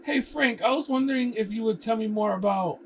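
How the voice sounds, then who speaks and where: Guy doing a hyped young store worker dude, way higher than his normal voice, mic far off, noisy. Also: brisk, a bit bright. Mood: eager. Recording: distant mic with background noise.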